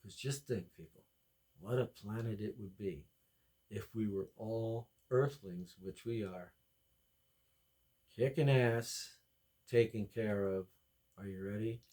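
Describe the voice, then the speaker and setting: A man hosting a podcast, delivering a rambling, excitable comedy monologue that jumps from topic to topic. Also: lowish voice, slow pace, pauses often. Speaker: podcast host.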